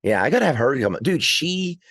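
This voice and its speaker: A man's voice: medium pitch, big pitch swings, a little fast, fairly bright tone, dry recording, studio quality. A man, a podcast guest, chatting casually and telling rambling stories with frequent laughs. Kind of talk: casual chat.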